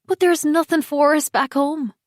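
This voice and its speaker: A woman voicing a defensive, dismissive husband who brushes off his wife's accusations, speaking louder and brighter than her narration. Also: high-pitched, steady tone, normal speed, no room sound, studio quality, voice pushed up, close to an everyday voice. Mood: coaxing.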